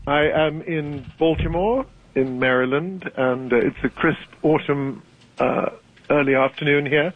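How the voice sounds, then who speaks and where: An older British man with a British accent appears as a guest author in a radio interview, speaking articulately and wryly and laughing easily. His voice is on the high side and unhurried, heard over a tinny, dry phone line with no room sound.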